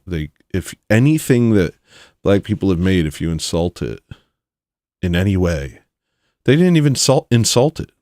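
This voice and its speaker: A man's voice: deep voice, darkish tone, no echo, studio quality. A man hosting a podcast, talking casually in a blunt, provocative rant with mocking asides. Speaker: podcast host. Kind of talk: casual opinionated monologue.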